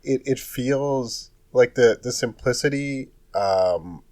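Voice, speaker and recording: A man's voice: medium pitch, takes it slowly, a little mellow, dry recording. A man co-hosting a car podcast in casual chat, talking hesitantly with many restarts. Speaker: podcast co-host.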